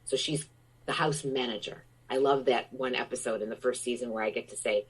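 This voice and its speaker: A middle-aged American woman with a notably low voice talks as an interview guest. Her manner is effusive and enthusiastic, and her stories pour out in casual chat. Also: steady tone, a little fast, husky, low-quality recording.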